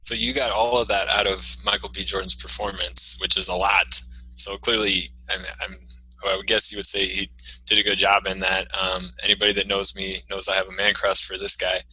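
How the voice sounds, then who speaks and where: Guy with a sharp flat voice hosting a movie chat, lots of ums, asking questions. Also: low voice, brisk, a little hiss or hum, rough recording. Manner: eager, hesitant with many fillers, poses questions. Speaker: podcast co-host. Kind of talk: casual film discussion.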